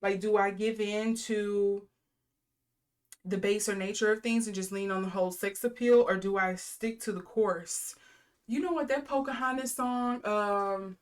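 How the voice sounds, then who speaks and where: A woman's voice: mid-range voice, fairly even intonation, unhurried. Rambling woman giving a tarot reading. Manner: rambling, lots of fillers, reels off card keywords. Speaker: tarot reader. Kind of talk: casual intuitive tarot reading.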